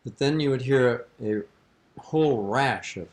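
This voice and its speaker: An older man in an archival taped interview tells a long, meandering anecdote without hurrying, his voice in the mid-range. He sounds amused throughout and breaks into laughs.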